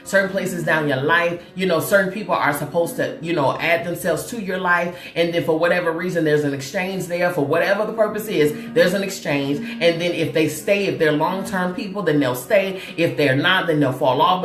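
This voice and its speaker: A woman's voice: deep voice, moderate pace, few pauses, fairly bright tone, echoey room, faint music behind. A woman from Chicago hosting a casual motivational livestream, laughing often, repeating herself and checking in with viewers directly. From Chicago, USA. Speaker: host.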